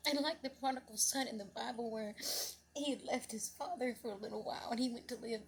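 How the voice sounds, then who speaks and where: A woman's voice: on the high side, fast, a little hiss or hum. Earnest middle-aged woman telling a story. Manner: rambling, with many restarts and asides; earnest and emotional, voice rising when moved. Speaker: vlogger telling a personal story. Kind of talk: casual spoken storytelling.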